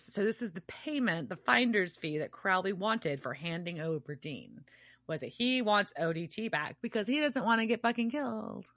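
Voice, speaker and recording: A woman hosting a podcast, recapping a TV episode in casual chat, animated and swearing freely. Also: mid-range voice, no echo, clean studio sound. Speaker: podcast host.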